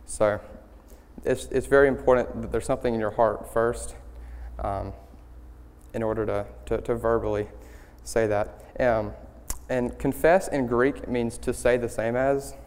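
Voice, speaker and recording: Young guy preaching in church, smooth clear voice, lots of ums, long hall echo. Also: mid-range voice, fairly even intonation, darkish tone. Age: young adult. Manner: halting, many ums and restarts, earnest. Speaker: student speaker leading worship. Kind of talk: church sermon. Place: church sanctuary.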